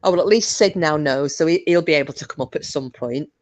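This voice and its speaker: Chatty low-voiced woman. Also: fast, a little mellow. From England. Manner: chatty, swears freely, laughs often. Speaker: livestream host. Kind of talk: casual live chat.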